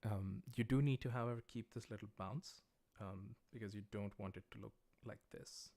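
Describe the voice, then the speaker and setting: A man with a fairly low voice and an American accent teaches a livestreamed language class. He explains each step patiently as he writes, often pausing on "uh" and "um". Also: darkish tone. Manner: patient, plain explanations with frequent "uh" and "um". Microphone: livestream microphone.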